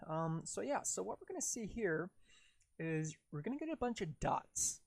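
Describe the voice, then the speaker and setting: A man's voice: high-pitched, very animated, normal speed, gravelly, slightly rough, dry recording. A man casually talking through his video editing on a livestream, rambling and jokey as he narrates each step. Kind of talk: casual live tutorial talk.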